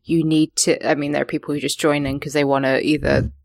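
Woman, low voice, dry close mic, sarcastic casual podcast chat. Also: fast, gravelly, no room sound. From not from London. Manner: animated, sarcastic, swears casually.

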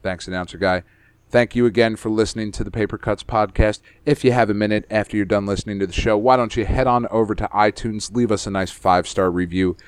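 A man's voice: lowish voice, steady tone, fast, clean tone, no room sound. Casual rambling male podcast host. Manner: rambling, swears freely. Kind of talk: casual chat.

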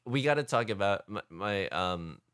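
Rambling woman, lively pitch. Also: normal speed, clear, resonant tone. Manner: rambling, many fillers and restarts. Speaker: podcast co-host. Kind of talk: casual movie chat.

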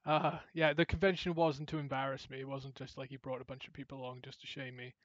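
In a dry, dull lo-fi recording with no room sound, a man with a mid-range voice talks quickly as he co-hosts a podcast. He chats casually and tells stories with animation, acting out the quotes of the people in them.

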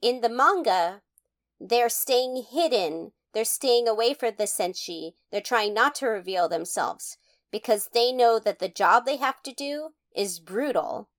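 A woman's voice: on the high side, lively intonation, a little slow. A woman co-hosting a casual fan podcast, explaining points in a wry, easygoing way. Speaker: podcast co-host.

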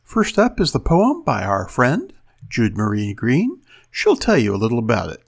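A man hosting a reading show, introducing pieces and reading a story aloud with expressive delivery. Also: medium pitch, normal speed, gravelly. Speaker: host and reader.

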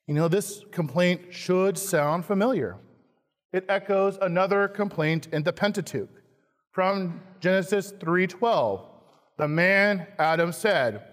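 A man, a pastor, preaching a sermon slowly and emphatically, acting out quoted lines with dramatic stress. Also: high voice, lively intonation. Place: church sanctuary. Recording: long hall reverb, church sanctuary.

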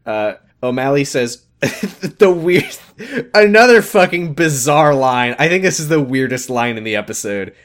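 A man talks through a TV episode with his co-host, animated and profane, and acts out the lines he quotes. His voice sits at a middling pitch and stays conversational. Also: a little slow. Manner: animated, swears freely, reads out quoted lines. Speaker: podcast co-host. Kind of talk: casual chat recapping a TV episode.

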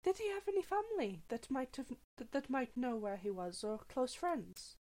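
A woman's voice: high-pitched, expressive, normal speed, darkish tone. A woman voicing an earnest, curious female investigator who asks careful questions. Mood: inquisitive.

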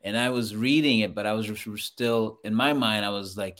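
A man's voice: on the low side, moderate pace. A man from Trinidad with a Trinidadian accent, a guest telling stories with laughter in casual chat. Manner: laughing, animated storytelling. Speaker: guest actor.

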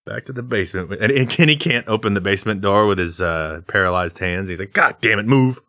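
Low-voiced man riffing jokes. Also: fast talker, bright, forceful tone. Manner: jokey, riffing on absurd ideas. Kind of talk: casual comedic chat.

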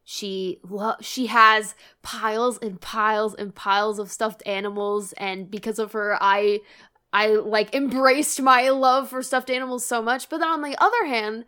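Bright-voiced giggly young woman. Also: on the high side, steady tone, a little slow, smooth. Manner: giggly, gushing, swears casually. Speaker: podcast co-host. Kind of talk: casual chat.

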